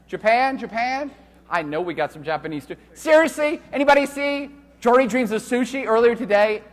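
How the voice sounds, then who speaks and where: Man, lecturer, very high voice, swooping pitch, joking and profane, booming lecture-hall reverb. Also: moderate pace. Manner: loud, animated, joking and profane. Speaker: university lecturer. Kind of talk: live classroom lecture. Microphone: handheld microphone.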